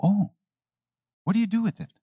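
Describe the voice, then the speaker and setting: A man's voice: high-pitched, moderate pace, creaky, warm tone, slightly rough, no echo, highs cut off, pitched above the performer's own voice, exaggerated voice. A man doing a teasing, cranky old holy man. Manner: teasing, feigning confusion.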